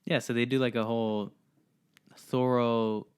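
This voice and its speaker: A man's voice: mid-range voice, level tone, unhurried, clear, resonant tone. A young man co-hosting a podcast, casually recounting a horror film scene. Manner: laid-back, many short agreements. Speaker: podcast co-host. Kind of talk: casual movie recap chat.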